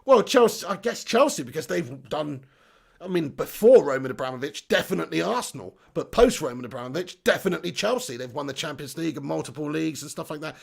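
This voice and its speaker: Chatty lad with gravelly high voice. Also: male voice, animated, fast talker. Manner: chatty, laughs often, swears casually, says mate a lot. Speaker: football channel host reading live chat. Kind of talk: casual live-stream chat.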